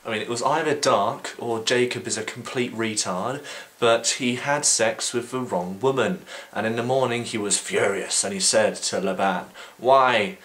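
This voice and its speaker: A man's voice: medium pitch, normal speed, a bit bright. A man casually retelling a book for a video blog in an irreverent, offhand way, with frequent ums and crude slang. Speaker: video blogger.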